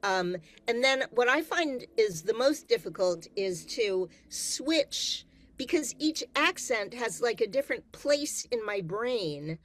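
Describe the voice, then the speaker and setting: Slow, halting woman narrator. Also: a little high, expressive. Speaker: audiobook narrator. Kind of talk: panel discussion.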